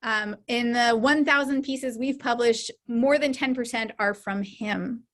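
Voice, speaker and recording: A woman with a high voice hosts a celebration for an online study group over a video call. She greets her guests warmly, then talks through the material in a measured, thoughtful way. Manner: warm welcoming introductions, then measured reflective explanation. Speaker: host and editor.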